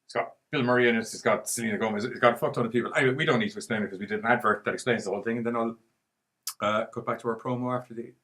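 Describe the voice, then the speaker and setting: A man's voice: mid-range voice, racing, fairly bright tone. A man co-hosting a podcast in casual chat, rambling and jokey, swearing freely. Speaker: podcast co-host.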